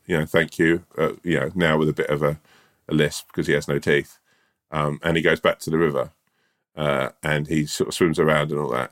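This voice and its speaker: A man co-hosting a podcast, telling a rambling, slangy tall tale in a laid-back, swearing way. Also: rumbling low. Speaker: podcast co-host.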